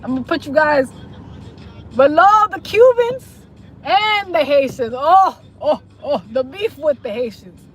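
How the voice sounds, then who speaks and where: High-voiced woman teasing on a live stream. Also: lively intonation, unhurried. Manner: teasing, switching between English and Spanish. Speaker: livestreamer. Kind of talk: casual live-stream chat. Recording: noisy street sound behind. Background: traffic and city noise.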